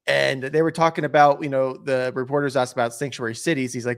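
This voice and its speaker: Guy guesting on a chat show, loose rambly talk, middle pitch. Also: flat delivery, fast, smooth. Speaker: guest co-host. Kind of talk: casual chat.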